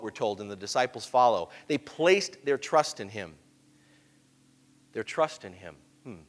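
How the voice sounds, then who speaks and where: A man preaching a sermon, telling the story animatedly and moving between hushed asides and emphatic stretches. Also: mid-range voice, big-room sound.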